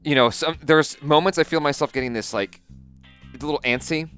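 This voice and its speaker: A man's voice: fairly high pitch, fairly quick, fairly bright tone, soft background music. A man co-hosting a reaction show, talking animatedly in casual chat and acting out his own thoughts.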